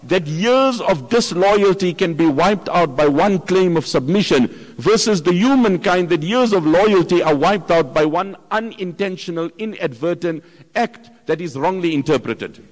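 Male preacher, higher voice, earnest pleading, reverberant hall. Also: animated, normal speed. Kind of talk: sermon.

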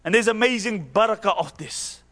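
A man's voice: high-pitched, moderate pace, fairly bright tone. A man delivering an impassioned sermon, posing rhetorical questions and quoting Arabic verse. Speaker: preacher. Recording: reverberant hall.

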